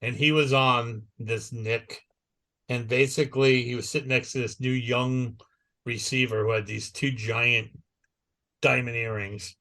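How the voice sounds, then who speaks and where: A man's voice: medium pitch, steady tone, a little slow, pushed and bright. A man co-hosting a podcast, telling a long anecdote in casual chat and repeating "he goes" as he narrates. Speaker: podcast co-host.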